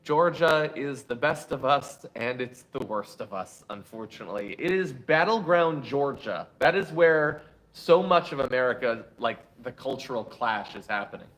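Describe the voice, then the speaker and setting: Animated, chatty male show host. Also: medium pitch, moderate pace. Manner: animated, chatty, wry asides to viewers. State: tired. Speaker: political commentary show host. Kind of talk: live show commentary and reading super chats.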